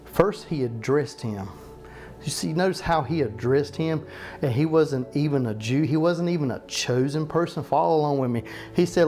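Higher-voiced preacher slowing on each verse. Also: male voice, a little mellow. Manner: slows down to stress verses, asks the listeners questions. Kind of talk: sermon with scripture reading.

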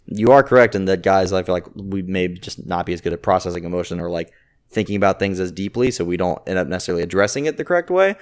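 A man's voice: sits low, animated, fast, smooth. A man co-hosting a casual podcast chat, rambling through his thoughts with a lot of "like". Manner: rambling, heavy use of filler "like". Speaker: podcast co-host.

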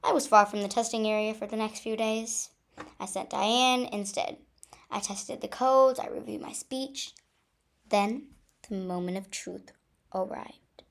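A woman reading a first-person story aloud with an expressive delivery. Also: mid-range voice, measured pace. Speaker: story reader.

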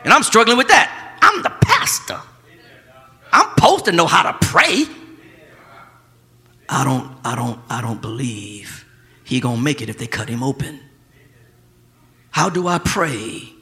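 A male pastor, preaching a sermon that swings from quiet, close talk to shouting. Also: medium pitch, sing-song, a little slow, pauses often, in a large hall.

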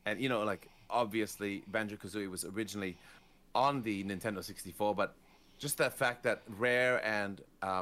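A young man co-hosting a casual gaming chat, animated and opinionated. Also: on the low side. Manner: animated, opinionated, acts out quoted voices. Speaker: podcast co-host.

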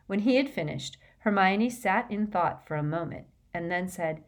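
A woman narrating an audiobook in measured, even scripted narration. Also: mid-range voice.

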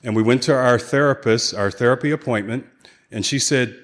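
A man's voice: mid-range voice, fairly quick. A man giving a keynote talk at a recovery conference, earnestly telling his own story and acting out the conversations in it. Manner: earnest storytelling, acts out quoted dialogue. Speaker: keynote speaker. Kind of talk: personal recovery testimony. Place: conference hall with audience.

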